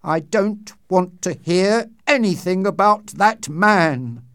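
A frightened old doctor near death speaks slowly, his voice trembling, as a man reads him aloud. The pitch rises and falls sharply. The sound is close and dry, with no room around it. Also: very animated, no room sound. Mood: fearful, grim. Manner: slow and trembling.

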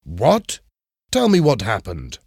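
A man doing a brisk, fatherly police chief. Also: medium pitch, wildly swooping pitch, no room sound, clean studio sound, voice pushed up.

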